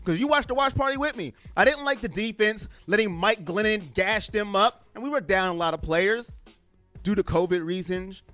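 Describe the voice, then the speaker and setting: A man's voice: sits high, normal speed, a bit bright, lo-fi sound, soft background music. A man hosting a fan live stream, talking straight to viewers and reading chat messages aloud.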